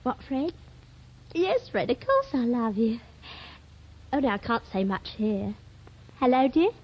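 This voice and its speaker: A woman's voice: fairly high pitch, big pitch swings, a little slow, breathy edge, full character voice. A clingy girl on the phone. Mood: fond. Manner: breathless one-sided phone chatter, fretful and pleading. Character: young woman phoning her sailor sweetheart, clingy and jealous. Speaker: comedy actress. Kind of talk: 1930s radio comedy monologue. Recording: dull old radio archive recording.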